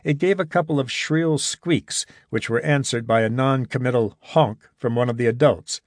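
A man narrating a story in a measured, even reading voice. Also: mid-range voice, no room sound, studio quality. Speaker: audiobook narrator. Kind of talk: scripted narration.

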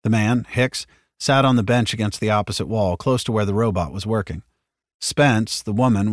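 A man narrating a science fiction audiobook in a steady, measured way. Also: lowish voice, no room sound, clean studio sound.

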